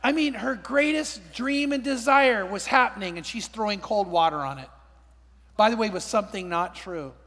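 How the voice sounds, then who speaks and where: An older male pastor preaching with a fairly high voice. He tells stories emphatically, often repeating words as he goes. The sound rings with a long hall reverb. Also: normal speed, fairly bright tone. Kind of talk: sermon.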